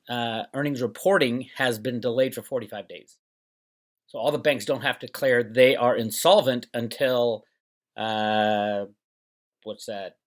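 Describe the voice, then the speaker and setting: A middle-aged man hosting his own channel, talking in a rambling, sarcastic monologue and mocking others in put-on voices. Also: mid-range voice. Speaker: channel host. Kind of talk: casual monologue to camera. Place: home, Northern California.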